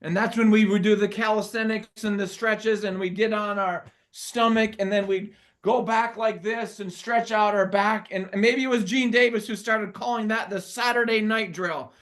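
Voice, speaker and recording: A man's voice: high voice, fairly even intonation, normal speed, hardly any pauses, fairly bright tone. A middle-aged man hosting an interview, reminiscing and prompting guests in a friendly, casual way. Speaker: host.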